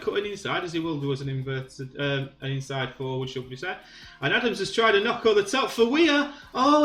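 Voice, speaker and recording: A Yorkshire man talks through his football management game like a casual match commentator, rambling with ums and sudden bursts of excitement. His voice sits a little high for a man. The sound is roomy, with faint music underneath. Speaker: gaming YouTuber.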